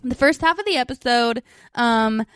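A woman's voice: fairly high pitch, moderate pace, a bit bright, smooth, no room sound, clean studio sound. A young woman co-hosting a podcast, gushing in casual chat and acting out scenes, laughing often. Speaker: podcast co-host.

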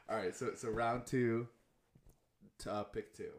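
A man's voice: medium pitch, takes it slowly. Laughing young man chatting casually. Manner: animated, laughs loudly, says bro and dude. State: has the hiccups. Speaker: podcast co-host. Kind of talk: casual chat.

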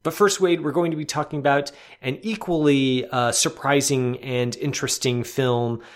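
Man, podcast host, film review, measured delivery, middle pitch. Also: steady tone. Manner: measured, scripted-sounding introductions with small restarts.

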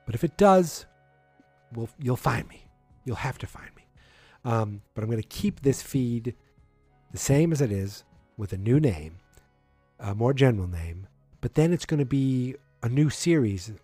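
Rambling man hosting a podcast, dark tone. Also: mid-range voice, lively intonation, unhurried, long pauses, slightly rough, dry recording, faint music behind. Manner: rambling, self-correcting, filler-heavy. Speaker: podcast host. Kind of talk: casual solo podcast chat.

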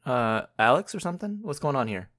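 A man's voice: mid-range voice, very animated, a little fast. Playful man hosting a podcast quiz. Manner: playful, teasing, bursts into loud laughing outcries. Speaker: podcast co-host running a quiz. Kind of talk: casual chat.

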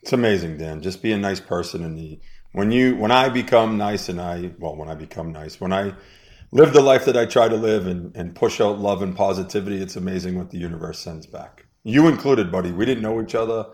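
A man's voice: low voice, brisk, darkish tone. A man from Boston with a Boston accent, a podcast guest, ranting bluntly and emphatically with plenty of swearing. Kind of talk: casual podcast chat.

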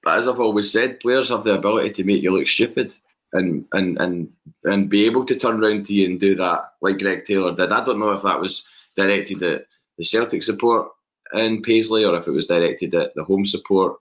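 A Scottish man joining a football podcast as a pundit, talking in a measured, casual way as he weighs his points. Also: low voice, a bit bright.

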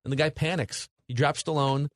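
A man co-hosting a casual movie podcast, retelling scenes in long animated stretches. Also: on the high side, fairly quick, dry recording. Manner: animated storytelling, recaps scenes at length. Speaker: podcast co-host. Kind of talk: casual movie review chat.

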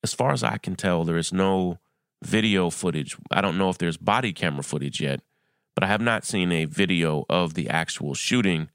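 A middle-aged man hosting a solo news commentary podcast, speaking earnestly and urgently with pauses and restarts. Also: deep voice, creaky, a bit bright, clear, resonant tone, dry recording, studio quality. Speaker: podcast host.

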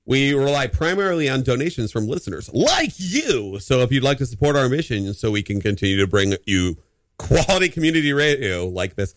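A man's voice: medium pitch, no echo. A man hosting a comic community radio show, reading donation copy with stumbles and giggles into a studio mic. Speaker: radio host. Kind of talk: comic community radio chat with on-air reads. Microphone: studio microphone.

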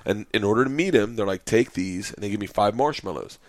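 A man telling a wild comic story, acting out voices, laughing and shouting at the big moments. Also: fairly low pitch, fast talker, no room sound. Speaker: guest comedian.

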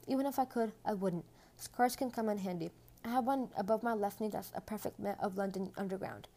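A woman voicing a calm, wise elderly male wizard with dry humour. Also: mid-range voice, fairly quick, gravelly.

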